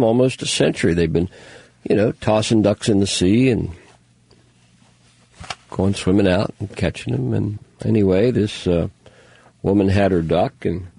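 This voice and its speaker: A man's voice: fairly low pitch, creaky, darkish tone, breathy edge, no room sound. A man hosting a talk show, rambling through news stories with sarcastic, mocking asides. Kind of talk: casual news commentary monologue.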